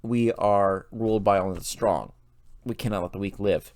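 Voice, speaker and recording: A ruthless winged gorilla warrior speaks with grim solemnity, as a man puts him on. The voice sits low and quiet. The sound is dry and close. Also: fairly even intonation, moderate pace, dry recording, natural voice.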